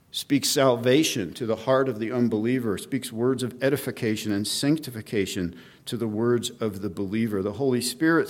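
Man preaching a verse-by-verse sermon. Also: mid-range voice. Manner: measured teaching with many fillers and restarts, reading scripture aloud. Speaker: pastor. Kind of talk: expository sermon.

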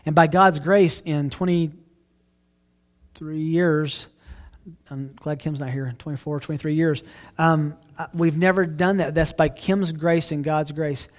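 Earnest middle-aged pastor, slightly high voice. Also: male voice, fairly even intonation, a little slow. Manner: earnest, restarts phrases often. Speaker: pastor answering questions. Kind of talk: casual Q&A talk.

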